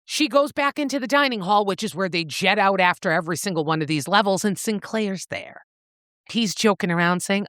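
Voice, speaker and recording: A woman's voice: medium pitch, fairly quick, no echo, clean studio sound. A woman co-hosting a book podcast, recapping a novel in casual chat, swearing freely as she goes. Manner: animated, swears freely, acts out characters' lines.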